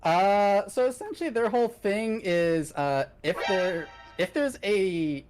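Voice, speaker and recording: A man chatting casually while streaming a game, relaxed and agreeable, often murmuring agreement. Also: sits high, measured pace, over music. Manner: relaxed, many affirming murmurs. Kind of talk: casual gaming chat.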